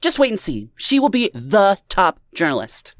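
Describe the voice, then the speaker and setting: A bubbly, tipsy young woman, put on by a male narrator in an audiobook, her voice pushed high and bright. She teases and exclaims, loud and giddy, in a dry close recording. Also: animated, normal speed, no echo. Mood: teasing. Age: young adult. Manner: teasing, exclaiming.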